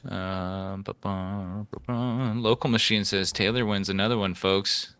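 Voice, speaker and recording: Man, low pitch, bright forceful tone, joking debate moderator. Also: steady tone, a little slow, smooth, no echo. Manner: joking, teasing banter. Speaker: debate moderator reading donations. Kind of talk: casual live-stream chat.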